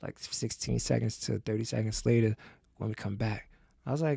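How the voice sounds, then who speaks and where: A man telling a story on a podcast in a casual, profane way, acting out the people in it with lively voices. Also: on the low side, normal speed, gravelly, husky, no echo, clean studio sound. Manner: animated, profane, acts out the people in his stories. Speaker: podcast guest.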